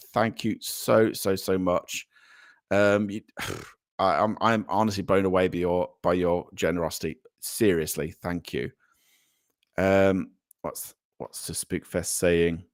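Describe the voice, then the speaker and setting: A British man runs a casual live chat in a fairly low voice, rambling through viewer comments with frequent ums. His thanks to donors come out in sudden high bursts. The sound is close and dry, with no room around it. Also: no room sound. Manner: effusive thanks, voice jumping up for donors. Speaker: livestream host.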